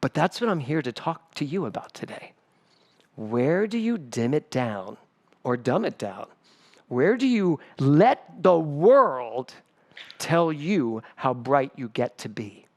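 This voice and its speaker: A middle-aged man preaching to a congregation. His voice sits a little high, and he tells his stories with lively energy, putting on the voices of the people in them. He speaks as the spiritual director of the church. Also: slow pace. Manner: animated, acts out voices in stories. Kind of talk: storytelling sermon. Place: church sanctuary, livestreamed service.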